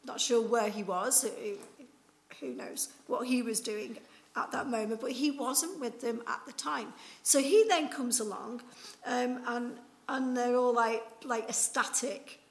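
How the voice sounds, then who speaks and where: A woman's voice: on the high side, measured pace, rough recording. A woman preaching an Easter sermon in a chatty, conversational way, acting out the people in the story as she tells it. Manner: casual, chatty with fillers like "like" and "you know".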